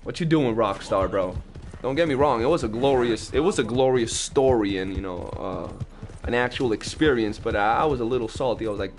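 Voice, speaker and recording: A man's voice: medium pitch, brisk. Chatty young man streaming a game. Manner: talkative, animated storytelling, slangy. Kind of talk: casual live-stream chat while gaming.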